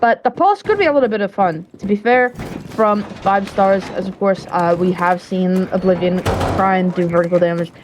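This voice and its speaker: A woman delivers live play-by-play for an esports match in a casual, talkative way, dropping fillers as she follows the action. Her voice sits at an ordinary middle pitch. Faint gunfire from the game plays quietly underneath. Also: moderate pace, background noise. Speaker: esports caster.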